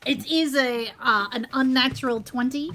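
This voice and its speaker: A woman jokes through a tabletop game in a bright, forceful voice. She sounds playful and swaggering. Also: high voice, moderate pace, a little hiss or hum. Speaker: player. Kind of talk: role-play banter.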